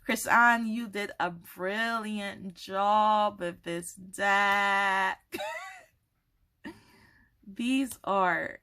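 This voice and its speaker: A woman unboxing a tarot deck on camera, gushing and excitable, apologizing and laughing often. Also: mid-range voice, extremely slow, long pauses, clear, resonant tone. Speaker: tarot content creator. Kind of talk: casual unboxing chat to camera. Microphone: camera mic, holding cards up to camera.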